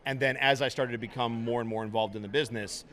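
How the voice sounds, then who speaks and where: A man in his thirties, a voice actor, chatting casually in an interview and telling stories in a lively way. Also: medium pitch. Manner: fast, lively storytelling. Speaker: voice actor guest.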